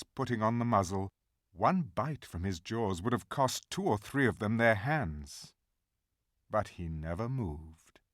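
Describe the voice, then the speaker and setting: A man narrating a fantasy audiobook in a measured, dramatic storytelling manner. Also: on the low side, no room sound, clean studio sound.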